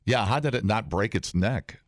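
A man's voice: lowish voice, normal speed, no echo. A man co-hosting a morning radio show in casual, joking chat. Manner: joking, animated, breaks into silly voices. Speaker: co-host. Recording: dry studio.

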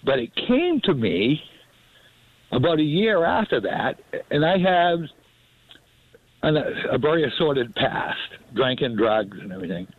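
A man's voice: a little high, very animated, a little slow, no room sound. Man, call-in caller, rambling, earnest, tinny phone sound, dry. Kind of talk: call-in chat.

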